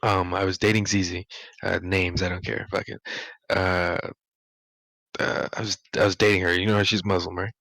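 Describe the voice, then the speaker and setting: A young man with a fairly low voice tells his school stories in a loose, rambling way, stacking up "like" and laughing as he goes. The sound is dry and close, with no room in it. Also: little pitch movement, normal speed, a bit bright, no room sound, poor audio. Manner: rambling, laughing, full of "like" fillers. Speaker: podcast co-host. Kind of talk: casual storytelling chat.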